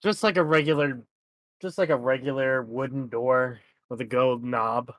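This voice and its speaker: A man's voice: medium pitch, steady tone, normal speed, a bit bright, dry recording. A man playing a tabletop game, brash and teasing the others. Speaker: player.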